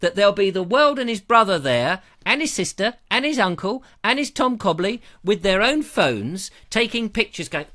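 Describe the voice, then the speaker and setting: Lively, jokey man chatting. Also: sits high, moderate pace, hardly any pauses. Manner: jokey, rambling, slips into silly voices. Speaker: livestream host. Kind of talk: casual livestream chat. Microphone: lavalier.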